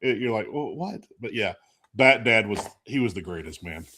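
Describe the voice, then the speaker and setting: A man's voice: fairly low pitch, expressive, normal speed, bright, forceful tone, a little hiss or hum. A man hosting a talk show in casual chat, rambling with lots of fillers and laughing often. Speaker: host.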